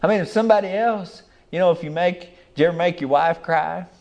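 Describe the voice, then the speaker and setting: A man's voice: sits high, fast talker, darkish tone. An older man, preaching a sermon in a folksy, rambling way with rural grammar.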